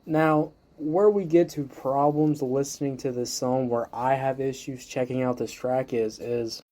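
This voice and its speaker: Man, music review host, profane rant, heated, dark mellow voice, filler-heavy. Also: medium pitch, steady tone, unhurried. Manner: heated, swears constantly, leans on "you know".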